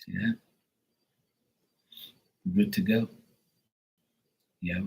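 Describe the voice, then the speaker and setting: Husky, profane man chatting on a livestream. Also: low voice, fairly even intonation, very slow, mellow, rough recording. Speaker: live tarot reader streamer. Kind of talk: casual livestream chat.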